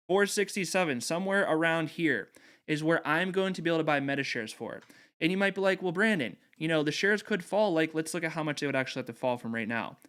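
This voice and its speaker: A man in his thirties hosting an investing video, persuasively walking viewers through his trades on screen. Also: fairly high pitch. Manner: persuasive, animated. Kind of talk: screen-share explainer.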